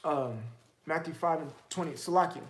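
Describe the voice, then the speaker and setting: A man's voice: a little high, normal speed, roomy sound, a little hiss or hum. A man teaching the Bible in a casual, streetwise way, firing off emphatic rhetorical questions.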